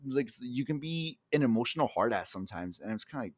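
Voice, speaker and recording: A man in a loose podcast chat, his voice recorded close and dry with no room around it. He rambles and restarts often, swears freely and talks like an openly emotional guy. His pitch sits in an ordinary middle range. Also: lively intonation, fast talker, hardly any pauses, dry recording. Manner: self-described very emotional. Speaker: podcast co-host. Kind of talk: casual chat.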